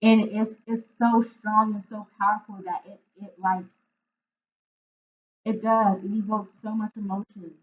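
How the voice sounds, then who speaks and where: An earnest woman talks through a tarot reading at a middling pitch, often stopping to find her words and checking in with "right?". Her voice comes through thin and narrow, like a phone line. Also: flat delivery, a little slow. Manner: emotional, searching for words. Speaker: intuitive tarot reader.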